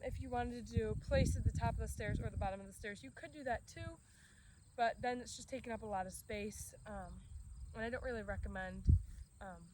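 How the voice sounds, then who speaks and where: A woman dog trainer explaining commands outdoors in a relaxed way, breaking off to give short commands to her dog. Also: a little high. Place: outdoors in a grassy yard. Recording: outdoor recording with crickets and background noise.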